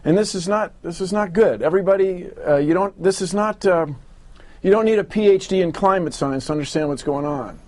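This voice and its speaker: A man's voice: high voice, brisk, a little mellow. A man making his case in a televised debate and interview, emphatic and earnest, building long explanations. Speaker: science communicator in debates.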